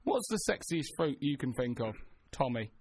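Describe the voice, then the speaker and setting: A man's voice: medium pitch, sing-song, normal speed, a little mellow. A man co-hosting a radio show, bantering and reading out listener messages. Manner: jokey, reads out listener messages. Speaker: radio co-host. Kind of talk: casual banter.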